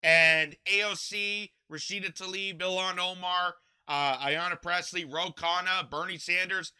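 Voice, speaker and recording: Brief: indignant young male commentator, high and very bright, fired-up rant. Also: fairly even intonation, unhurried, clean tone. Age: young adult. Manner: impassioned, indignant, repeats himself. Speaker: political commentary host. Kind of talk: ranting political commentary.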